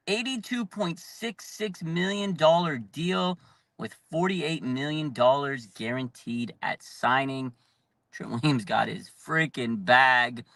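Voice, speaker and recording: A man with a high, bright voice hosts a live fan show. He is hyped and animated, shouting in bursts and filling his talk with "like". The sound is close and dry. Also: gravelly, no room sound. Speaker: fan channel host. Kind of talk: excited live fan commentary.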